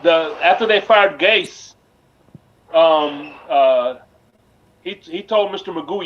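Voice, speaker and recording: A man's voice: on the high side, slow, long pauses. A man on a sports talk panel, chatting casually and hesitantly with many restarts. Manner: hesitant, stumbling restarts, relaxed. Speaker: panel co-host. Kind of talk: casual sports fan chat. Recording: dull lo-fi remote audio with faint noise.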